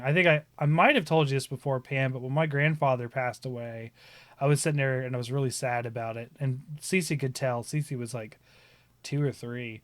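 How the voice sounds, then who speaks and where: A man in his thirties with a bright, forceful voice, talking casually on a live stream. He tells stories animatedly and breaks into laughter often. The sound is close and dry. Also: mid-range voice, dry recording. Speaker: stream host. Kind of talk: casual chat.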